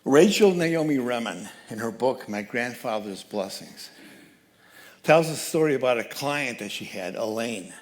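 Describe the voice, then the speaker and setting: A man giving a sermon as guest speaker at a church, telling a story with lively changes of voice. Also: mid-range voice, measured pace. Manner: animated storyteller, acts out quoted voices. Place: church sanctuary.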